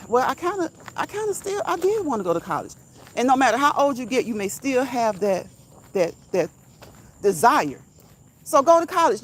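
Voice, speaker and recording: A woman's voice: medium pitch, a little hiss or hum. A woman vlogger giving motivational talk on a walk outdoors, emphatic and repetitive, chuckling now and then, into a phone mic. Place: outdoors, walking at night. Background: crickets and insects.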